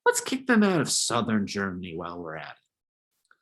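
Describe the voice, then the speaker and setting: A man's voice: fairly low pitch, huge pitch swings, normal speed, fairly bright tone, pitched below the performer's own voice. A man doing slangy bro-ish German states. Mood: pumped. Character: rowdy gang of young German states, male.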